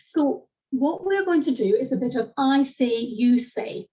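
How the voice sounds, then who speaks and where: Lively woman lecturer on a video call. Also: high-pitched, measured pace. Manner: lively, explanatory, addresses participants directly. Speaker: classics lecturer. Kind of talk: online seminar teaching. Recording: distant, dull lo-fi video call audio.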